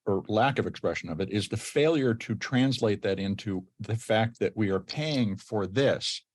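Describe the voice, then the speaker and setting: A man's voice: fairly low pitch, moderate pace. A man hosting a podcast interview, setting up questions with emphatic, engaged remarks. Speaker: podcast host.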